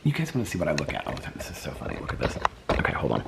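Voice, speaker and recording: A man's voice: very deep voice, huge pitch swings, very fast, vocal fry, a little hiss or hum. A man vlogging casually at home, cooing to his puppies and rambling through stories. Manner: doting baby talk to his dogs, rambling asides. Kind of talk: casual daily vlog. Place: home, indoors.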